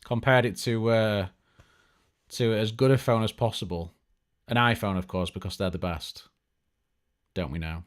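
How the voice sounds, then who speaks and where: A man's voice: fairly low pitch, steady tone, moderate pace, pauses often, smooth. Chatty man hosting a tech stream. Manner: chatty, joking, lots of fillers and restarts. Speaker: tech show host. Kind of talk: casual live-stream chat.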